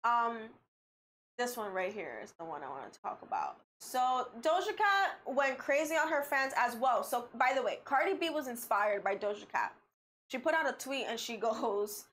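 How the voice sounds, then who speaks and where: A woman's voice: high-pitched, lively intonation, moderate pace, a bit bright. A woman co-hosting a casual podcast, blunt and opinionated, reading social media posts aloud and reacting to them. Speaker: podcast co-host. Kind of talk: casual chat.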